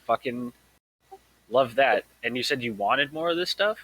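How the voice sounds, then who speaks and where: A man's voice: medium pitch, animated, measured pace, a bit bright, husky, no echo, rough recording. A man playing a tabletop game in a breezy, laid-back way. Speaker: player. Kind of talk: tabletop role-play.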